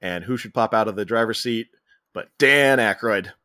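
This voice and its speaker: A man's voice: lowish voice, normal speed, pushed and bright, dry recording, studio quality. A man co-hosting a podcast, casually retelling a film's scenes and quoting its lines. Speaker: podcast co-host. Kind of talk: casual movie recap chat.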